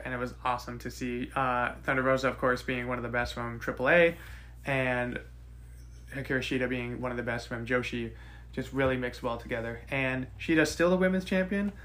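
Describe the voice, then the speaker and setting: A man's voice: medium pitch, fairly even intonation, moderate pace, a bit bright. A man co-hosting a podcast, recapping and rating a wrestling show in casual, joking chat. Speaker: podcast co-host.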